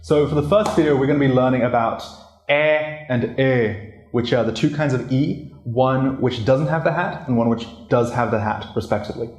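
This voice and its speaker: This relaxed, chatty pronunciation lesson comes from a man still learning the language, speaking briskly at medium pitch with few pauses. He leans heavily on "like" as a filler, and the audio carries a roomy echo.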